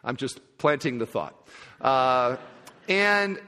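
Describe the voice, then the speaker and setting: Male pastor, animated preacher, slightly high and lively voice, church hall with a long echo. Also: a little slow. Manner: animated, acts out little dialogues. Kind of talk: sermon. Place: church sanctuary.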